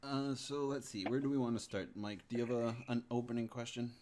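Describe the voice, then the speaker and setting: A man's voice: medium pitch, steady tone, fairly quick, darkish tone. A man co-hosting a podcast, joking about himself in casual chat. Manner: joking, self-mocking. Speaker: podcast co-host.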